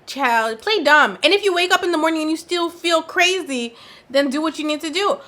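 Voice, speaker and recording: A woman with a high, bright voice reacting to a reality dating show. She talks in a loose, slangy, opinionated way, like she's catching up on gossip. Her manner is animated and outspoken. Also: moderate pace. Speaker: reaction commentator. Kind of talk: casual reality-TV commentary.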